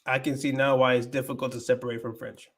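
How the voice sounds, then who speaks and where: A man's voice: mid-range voice, level tone, fast. A man hosting a casual livestream, thinking aloud as he talks about his language learning and drops in Spanish phrases.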